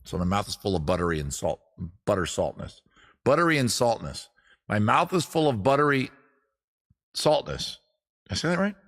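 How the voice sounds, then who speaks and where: A man with a lowish, slightly bright voice talks briskly, swinging widely in pitch and pausing often. As the host of a casual comedy stream in his home studio, he rambles and swears across bits and asides, recorded on a streaming setup with cameras.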